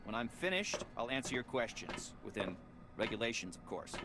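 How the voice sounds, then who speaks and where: A man's voice: medium pitch, very animated, normal speed, background noise, close to an everyday voice. A man playing a cold, clipped scientist. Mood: stern. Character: stern, precise male scientist instructor.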